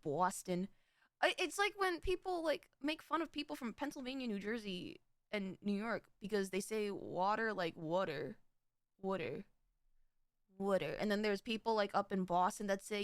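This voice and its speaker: High bright-voiced girl streaming, giggly and rambly, dry close mic sound. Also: dry recording. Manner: rambling, giggly, restarts and self-corrections. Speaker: VTuber streamer. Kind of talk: casual live-stream chat.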